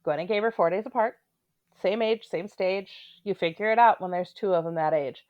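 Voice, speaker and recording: A woman's voice: medium pitch, fairly quick, no room sound, dull audio. Blunt, sarcastic woman recapping TV. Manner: blunt, sarcastic, candid asides. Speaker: reality TV recap commentator. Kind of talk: casual opinionated commentary.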